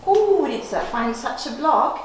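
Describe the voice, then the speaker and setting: A woman's voice: a little high, animated, a little slow. A woman teacher with a Russian accent giving a patient classroom demonstration lesson, chanting syllables in a sing-song way. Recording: echoey classroom with background noise.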